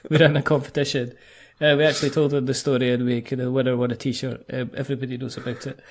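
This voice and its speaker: A man's voice: medium pitch, flat delivery, fast talker. A man hosting a podcast, teasing his guest and giggling as he pushes for more. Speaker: podcast host. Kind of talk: casual podcast interview.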